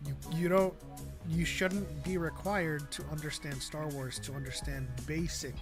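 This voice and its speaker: A man's voice: on the high side, fairly even intonation, unhurried, over music. A man co-hosting a fan podcast in casual chat, arguing his points at length and laughing often. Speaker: podcast co-host.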